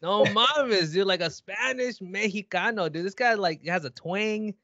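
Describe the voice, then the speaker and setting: A man co-hosting a podcast who jokes in an animated way and calls everyone dude and bro. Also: high voice, measured pace, no echo. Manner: animated joking, says dude and bro a lot. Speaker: podcast co-host. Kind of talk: casual chat. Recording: dry, muffled lo-fi audio.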